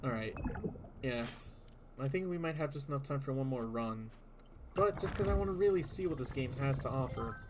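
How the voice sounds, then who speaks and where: A man's voice: mid-range voice, lively intonation, normal speed, noisy background. A man giving live commentary while playing a video game, exclaiming, groaning and muttering at what happens on screen. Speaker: streamer. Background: game music.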